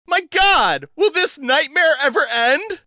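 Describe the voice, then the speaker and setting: A man voicing a frightened young woman who pleads with him in a high, strained voice. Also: lively intonation, slow pace, bright, forceful tone, dry recording, clean studio sound, heavily acted. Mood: distraught.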